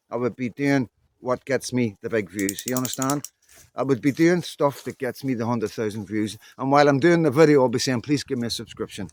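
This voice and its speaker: A man's voice: medium pitch, slight background noise. A man in his fifties with a Northern Irish accent, talking candidly and bluntly to camera while out on a muddy walk, rambling from one story to the next. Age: 50s. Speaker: vlogger. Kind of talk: casual monologue to camera.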